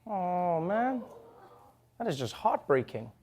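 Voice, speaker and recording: A man's voice: sits high, takes it slowly. A man hosting a comedy news segment, joking animatedly in a studio with a laughing audience. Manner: jokey, animated, slips into comic impressions. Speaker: late-night comedy host. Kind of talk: scripted comedic commentary.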